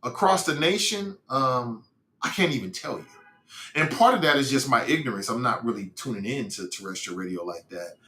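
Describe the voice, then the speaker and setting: A man's voice: medium pitch, lively intonation, normal speed, pushed and bright, reverberant. A middle-aged man from Cincinnati hosting a casual podcast stream, reading viewer comments aloud in a loose, rambling way with slang and restarts. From Cincinnati, United States. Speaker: podcast host reading live chat. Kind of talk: casual livestream talk.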